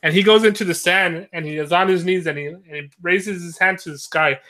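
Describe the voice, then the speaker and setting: A man's voice: sits high, fairly even intonation, fairly quick, pushed and bright. A young man in casual conversation, talking loosely with lots of fillers and frequent laughter. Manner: rambling, filler-heavy, laughs often. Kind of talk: casual chat.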